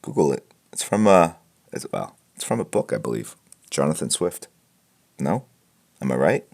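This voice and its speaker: A man with a very deep, rough and gravelly voice hosts a live art portfolio critique stream, talking casually to his audience with headphones on from a room at home full of comic books. He's very animated, at normal speed and a little mellow, rambling, joking, restarting sentences and using plenty of fillers.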